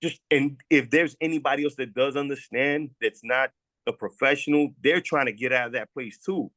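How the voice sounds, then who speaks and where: A man shares his recovery story as a former guest, speaking with raw, heartfelt earnestness in an emotional testimonial. His mid-range voice moves at a moderate pace with a slightly bright edge, and his sentences break off and restart as he repeats words. The recording is dry and close, with no room sound.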